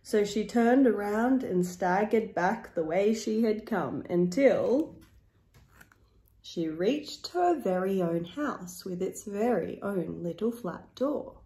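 A woman reading a children's picture book aloud in a slow, expressive, rhythmic way. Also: medium pitch. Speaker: storyteller. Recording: echoey room.

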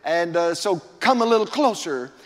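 A man's voice: high-pitched, lively intonation, moderate pace. An older man preaching a sermon as pastor, drawing out key words and building emphasis. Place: church sanctuary. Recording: long church reverb.

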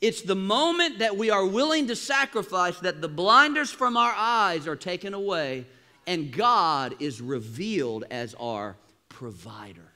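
A man preaching a sermon in a church, animated, with sudden loud bursts and quieter asides. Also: sits high, a little slow. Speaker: pastor. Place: church auditorium.

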